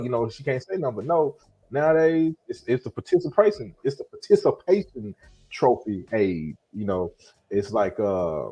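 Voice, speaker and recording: A man's voice: medium pitch, moderate pace, husky, lo-fi sound, soft background music. A middle-aged man, telling stories in casual chat and acting out quotes. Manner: animated storyteller, acts out quotes.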